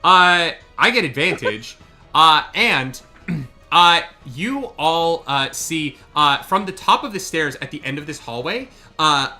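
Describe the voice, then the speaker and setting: A man runs a tabletop game as game master, his voice very bright and a little high. He stops and starts with many fillers and drops joking, profane asides. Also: animated, slow, soft background music. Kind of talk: running a live tabletop game.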